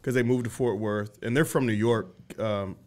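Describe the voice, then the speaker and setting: A man's voice: on the low side, steady tone, normal speed, a little mellow, slight background noise. A man from Michigan hosting a podcast, telling a long story in casual chat, laughing often and swearing freely. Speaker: podcast host.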